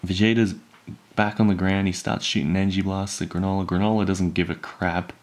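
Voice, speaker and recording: Low-voiced man rambling through a recap. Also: fairly quick. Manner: rambling, many fillers, retells scenes excitedly. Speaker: manga recap YouTuber. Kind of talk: casual spoken recap.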